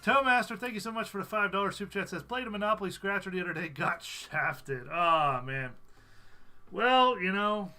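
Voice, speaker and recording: A man's voice: high-pitched, animated, normal speed, pushed and bright, soft background music. A man hosting a live stream, chatting casually, reading out viewer comments and laughing often. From USA.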